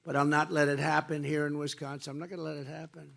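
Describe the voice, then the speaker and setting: A man giving a rally speech, emphatic and repetitive, jumping from loud bursts to low asides, speaking into a podium microphone. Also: flat delivery, fast talker, creaky, noisy background. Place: campaign rally before a crowd.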